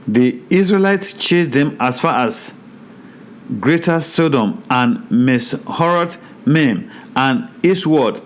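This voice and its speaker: A man teaching a Bible study in a sermon style, reading scripture aloud and preaching with animated, repeated phrases. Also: on the high side. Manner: slows down over hard place names.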